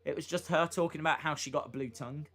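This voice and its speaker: A man's voice: fairly high pitch, fairly even intonation, fast, a bit bright. A man hosting a live reaction stream, chatting casually and rambling with fillers and asides between moments of commentary.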